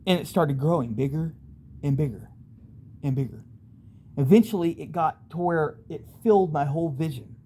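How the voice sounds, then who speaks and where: A man's voice: fairly high pitch, moderate pace, mellow, slight background noise. Rambling man telling a wild story. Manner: rambling, vivid, acts out voices in bursts. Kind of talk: casual first-person storytelling.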